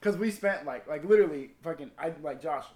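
A man's voice: on the high side, brisk, darkish tone, roomy sound. A former Marine telling a story in casual, profane chat and acting out the people he quotes.

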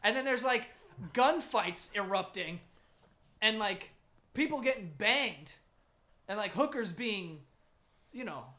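A man co-hosting a comedy podcast, riffing in animated, laughing, crude banter. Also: sits high, takes it slowly, long pauses. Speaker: podcast co-host.

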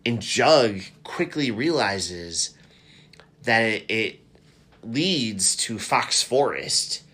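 A man chatting casually as a podcast co-host, animated and quick to act out characters' lines. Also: fairly low pitch, husky. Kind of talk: casual chat recapping a TV episode.

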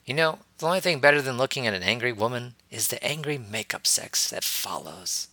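A man's voice: medium pitch, animated, fairly quick, sharp tone, no room sound. A man voicing a playful, teasing young male wizard teacher, amused as he explains.

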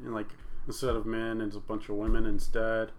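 A man's voice: lowish voice, monotone, a little fast, a little hiss or hum. A man co-hosting a podcast in casual chat, laid-back, mumbling through his teeth and swearing casually. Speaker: podcast co-host. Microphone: podcast mic.

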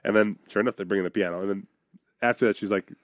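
A man's voice: fairly low pitch, steady tone, rapid-fire, no room sound, studio quality. A man co-hosting a podcast, telling a story in casual chat and laughing often. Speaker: podcast co-host.

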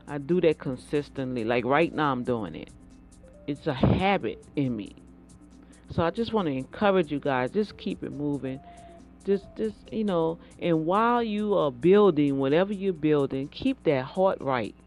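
A woman giving a fervent, preacherly faith talk, repeating words and breaking into bursts of excitement. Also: sits low, moderate pace, soft background music. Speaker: inspirational speaker.

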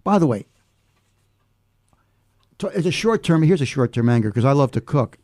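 A man's voice: medium pitch, sing-song, moderate pace, dark tone. An American man talking casually with friends, laughing often and restarting with many fillers. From United States. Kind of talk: casual chat.

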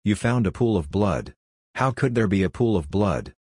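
A man's voice: fairly low pitch, lively intonation, moderate pace, a little mellow, husky, no echo, studio quality. A man reading as a confused, short-tempered man. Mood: bewildered. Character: confused, irritable man losing his temper.

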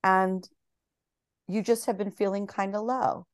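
A woman guest on a podcast talks in a gentle, reflective way and laughs easily. Her voice is mid-pitched and sounds dry and close, with no room echo. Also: steady tone, measured pace, clear, resonant tone. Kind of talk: conversational podcast talk.

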